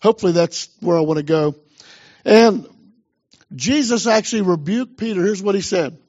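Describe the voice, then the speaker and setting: A man's voice: high-pitched, moderate pace, a little mellow, muffled recording. A man pastor preaching a sermon with emphasis, urging the congregation on.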